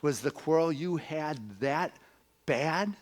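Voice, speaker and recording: A man voicing a kind noodle-shop woman, soft and coaxing. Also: a little high, slow pace. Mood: gentle. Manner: gentle, coaxing.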